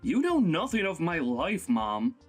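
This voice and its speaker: A man's voice: a little high, wildly swooping pitch, a little slow, faint music behind, full character voice. A man voicing a grown son who scolds his overbearing mother in an exasperated way. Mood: scolding.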